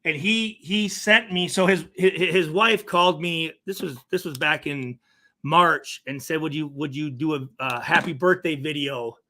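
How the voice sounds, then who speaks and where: A man's voice: on the high side, measured pace, bright, forceful tone. A man hosting a casual chat, often restarting and repeating words as he talks. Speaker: show host.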